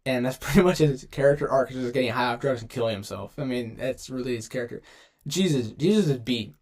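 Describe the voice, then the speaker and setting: A young man who creates gaming videos talks fast in a medium-pitched, somewhat mellow voice. He ranks game characters casually, in a meandering, slang-heavy style full of self-interruptions.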